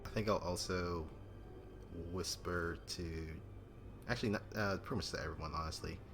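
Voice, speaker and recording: A man's voice: deep voice, normal speed, background noise. A man playing a tabletop game, chatting casually and thinking aloud through rules questions. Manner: thoughtful, asks rules questions. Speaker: player.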